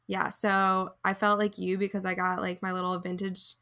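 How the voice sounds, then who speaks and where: A woman's voice: medium pitch, monotone, moderate pace, bright, forceful tone. A young woman co-hosting a podcast, chatting casually with lots of "like" and frequent laughter. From near Raleigh, North Carolina. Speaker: podcast co-host. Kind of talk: casual chat.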